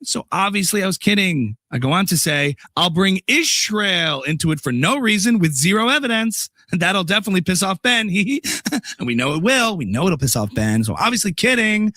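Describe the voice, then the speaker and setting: A man's voice: high voice, big pitch swings, normal speed, pushed and bright, dry recording, clean studio sound, full character voice. A man doing a smug, giggling female pundit. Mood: mocking. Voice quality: mocking, giggly, sing-song delivery. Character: sarcastic female political pundit, smug and defensive. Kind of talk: comedy sketch impression.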